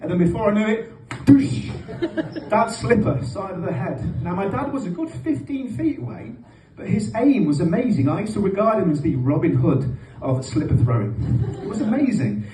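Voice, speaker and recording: A man, performing lively stand-up comedy stories on a comedy venue stage. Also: sits high, normal speed. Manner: lively storytelling with animated asides. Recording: echoey live venue from far off.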